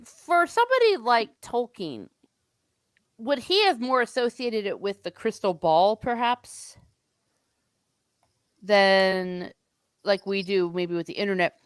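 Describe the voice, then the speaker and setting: A woman's voice: medium pitch, very animated, takes it slowly, pauses often, clean tone, dry recording. Chatty woman host, casual book talk, dry close sound. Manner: chatty, lots of likes and laughs. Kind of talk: casual book chat, reading chat aloud.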